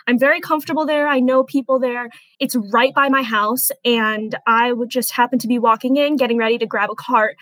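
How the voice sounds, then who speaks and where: A woman in her twenties, an interview guest, recounting a personal experience in an earnest, halting way that turns softly emotional. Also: fairly high pitch, fairly even intonation, no echo, poor audio. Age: 20s.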